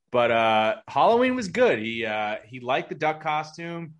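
A man's voice: mid-range voice, very animated, fairly quick, few pauses, fairly bright tone. A man in his thirties, a podcast co-host, telling stories in an easygoing, wry way. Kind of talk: casual chat.

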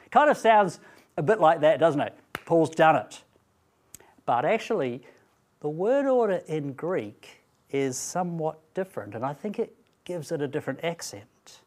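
A man giving a Bible talk at a student training event, speaking deliberately and emphatically and asking rhetorical questions. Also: fairly high pitch, very animated, darkish tone.

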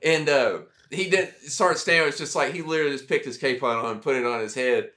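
A man's voice: mid-range voice, brisk, pushed and bright. A man, an army veteran guest, telling rambling, profane, self-mocking stories on a casual podcast.

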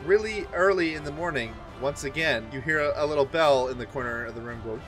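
A man with a slightly raised pitch narrates a tabletop game as its game master. His delivery is casual and halting, full of restarts. Soft music plays quietly underneath.

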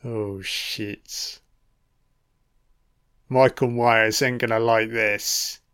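Sweary film commentator. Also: male voice, lowish voice, flat delivery, drawn-out words, fairly bright tone, clean tone. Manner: profane, sardonic running reactions. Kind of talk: casual audio commentary.

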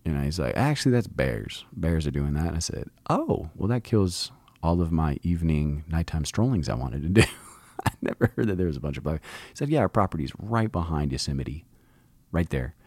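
A middle-aged man with an extremely low, rumbling voice tells a long anecdote in a loose, swearing, laid-back way, putting on voices for the people he quotes. The sound is close and dry, with no room to it. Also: lively intonation, a little fast, a little mellow, dry recording. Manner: profane, laid-back storyteller who acts out quotes. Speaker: podcast host. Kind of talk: casual storytelling monologue.

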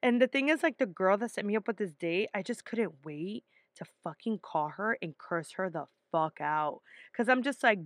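A young woman telling a personal story in a casual, animated way, emphatic and full of swearing. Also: medium pitch, normal speed, hardly any pauses, no room sound, clean studio sound.

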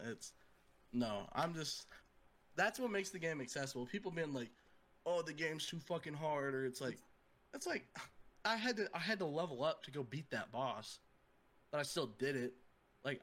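A man's voice: medium pitch, fairly bright tone. Laughing man in a casual gaming chat. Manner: laughs often, swears casually. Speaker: podcast co-host.

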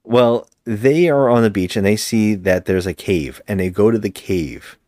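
A man's voice: lowish voice, measured pace, mellow, no echo, studio quality. A man co-hosting a podcast, retelling a movie's plot casually with rambling restarts. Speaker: podcast co-host. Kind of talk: casual movie recap chat.

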